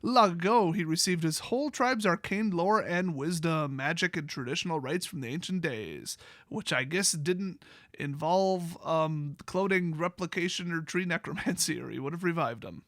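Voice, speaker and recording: A man's voice: on the high side, moderate pace, fairly bright tone, no room sound, studio quality. A man with a Wisconsin accent, hosting a comedic review and reading passages aloud with sarcastic, joking asides. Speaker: YouTube host. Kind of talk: comedic card lore review.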